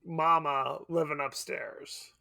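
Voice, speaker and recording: A man's voice: on the high side, little pitch movement, takes it slowly, vocal fry, pushed and bright, dry recording, clean studio sound. A man co-hosting a podcast, chatting casually and animatedly about a horror film, laughing and swearing. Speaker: podcast co-host.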